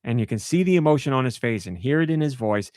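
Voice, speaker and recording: A man's voice: mid-range voice, fast talker, dry recording, clean studio sound. A man hosting a podcast, ranting about a pet peeve and acting out his own reactions in casual chat. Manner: animated storytelling, acts out his own outbursts. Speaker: podcast host.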